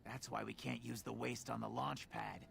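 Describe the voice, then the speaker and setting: An actor voicing a proud, neurotic male ghoul engineer in a video game, with a gravelly voice and a touchy, sardonic manner. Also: little pitch movement, normal speed, over a noisy crowd. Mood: businesslike. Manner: proud and touchy, swings to shrill outrage.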